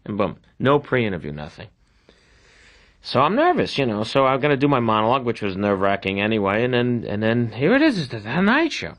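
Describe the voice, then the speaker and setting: Animated man telling a story. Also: mid-range voice, a little fast, highs cut off. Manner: lively, acts out voices, frequent laughter. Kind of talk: animated anecdote.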